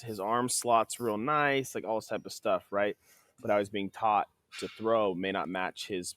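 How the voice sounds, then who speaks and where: Low-pitched man, casual podcast guest, acts out quotes, dry close sound. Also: no room sound. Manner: animated, acts out quoted dialogue. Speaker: training facility owner.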